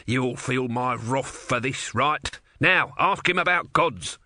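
A man's voice: medium pitch, animated, a little slow, pushed and bright, slight background noise. Man doing a grumpy tortoise god. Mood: bossy grumbling.

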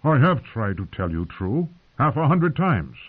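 A man's voice: medium pitch, big pitch swings, measured pace, breathy edge, voice pushed up. A big proud knight, as a man reads him, pleading. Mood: defensive. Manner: defensive, insistent pleading. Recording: narrow phone-like sound.

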